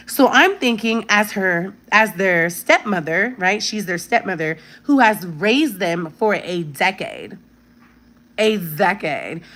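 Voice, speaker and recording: A woman's voice: fairly low pitch, fairly bright tone. Emphatic woman telling a storytime. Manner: emphatic, repeats "right?" to viewers. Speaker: vlogger. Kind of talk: casual storytime.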